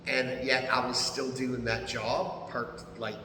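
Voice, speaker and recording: A man in his fifties with an American accent tells stories as a podcast guest, animated and profane, laughing often. His voice is bright and forceful. It rings in a roomy space with a long reverb tail. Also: medium pitch, slow pace, a little hiss or hum. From United States. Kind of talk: casual storytelling. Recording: echoey room.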